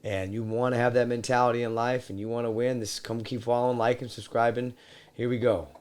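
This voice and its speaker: A man hosting a podcast from his home man cave, casual talk that builds into loud wrestling-style promo shouting. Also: mid-range voice, level tone, a little fast, clean tone. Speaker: podcast host.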